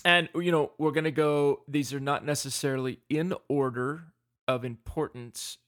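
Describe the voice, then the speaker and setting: A man's voice: a little high, fairly even intonation, normal speed, fairly bright tone. A man co-hosting a finance podcast, leading the casual chat with upbeat banter. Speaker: podcast co-host.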